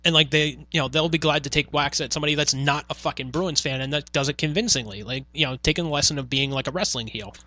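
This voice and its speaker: A man's voice: on the high side, fast talker, hardly any pauses, sharp tone. A man, hosting a podcast and telling profane stories about his radio days in casual chat. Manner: profane storytelling, acts out quoted exchanges. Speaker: podcast host, former radio worker.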